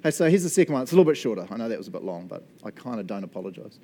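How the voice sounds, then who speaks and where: A man's voice: on the low side, sing-song, rapid-fire, mellow. A man preaching a casual, enthusiastic sermon, often checking in with the congregation. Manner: enthusiastic, chatty, laughs often, tags lines with "eh?" and "right?". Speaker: pastor.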